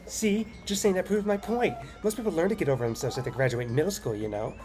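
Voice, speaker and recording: A man voicing a bratty, snappy teenage schoolgirl in a game reading, with mocking, sharp retorts. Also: a little high, fast, music in the background, voice pushed up, close to an everyday voice.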